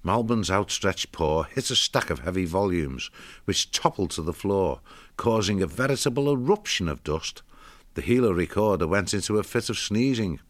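A man with a very deep voice reads a storybook aloud, measured and expressive. He sits close to the mic, and the sound is bone-dry with no room around it. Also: dry recording. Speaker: narrator. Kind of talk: storybook narration.

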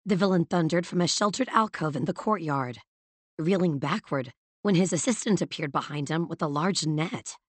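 A woman narrating an audiobook in a measured, even storytelling manner. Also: low-pitched, husky, dry recording. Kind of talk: scripted narration.

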